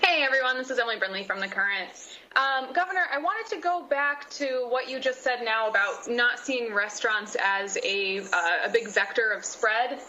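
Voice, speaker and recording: Bright, direct female reporter. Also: a little high, lively intonation, normal speed. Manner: direct, challenging questions. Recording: muffled remote audio with faint noise.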